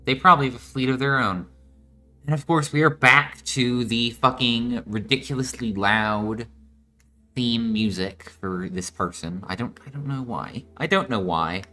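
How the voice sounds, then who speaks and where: A man's voice: medium pitch, a little slow, bright, forceful tone, soft background music. A man reading a story game's text aloud and making casual, swearing asides as a let's play host, while ill. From United States.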